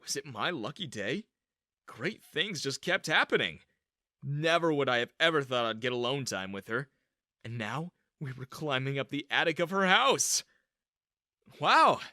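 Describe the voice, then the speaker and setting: A man voicing a naive teenage boy who narrates his own story in an animated video. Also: mid-range voice, a little slow, no echo, studio quality, full character voice. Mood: hopeful.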